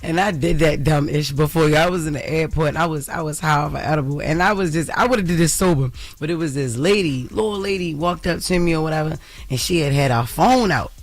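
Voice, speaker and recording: High-voiced laughing man in a dry studio. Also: fairly quick, no echo. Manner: laughing, self-mocking. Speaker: radio co-host. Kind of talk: casual storytelling banter. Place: radio studio.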